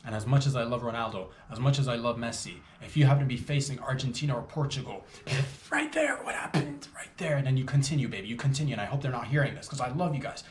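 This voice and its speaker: Rambling animated man, roomy echo. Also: mid-range voice, racing, few pauses. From Canada. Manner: animated, rambling, jokey rants with sudden loud bursts. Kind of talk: comedic monologue. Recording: roomy echo, faint background ambience.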